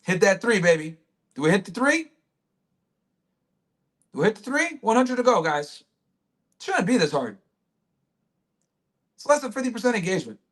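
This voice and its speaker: A man's voice: high voice, very animated, normal speed, long pauses, a bit bright. A man hosting a livestream, talking to his chat in a brash, crude way with lots of swearing. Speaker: livestream host.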